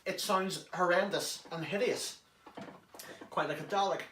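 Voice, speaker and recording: Man explaining a hobby technique, chatty, jokey, a bit foul-mouthed, higher voice, echoey from far off the mic. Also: unhurried, pushed and bright. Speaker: prop hobbyist. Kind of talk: casual how-to demonstration. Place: inside an enclosed prop casing.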